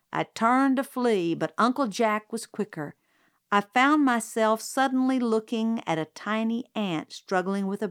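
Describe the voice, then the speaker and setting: A woman narrating a first-person story as an audiobook reader, even and unhurried. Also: mid-range voice, clear, resonant tone, dry recording, studio quality.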